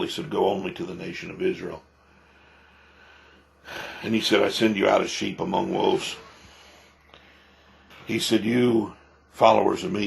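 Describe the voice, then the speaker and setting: Gravelly-voiced preaching pastor. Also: male voice, fairly low pitch, a little mellow. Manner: emphatic, repeats himself, rhetorical questions. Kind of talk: preaching commentary.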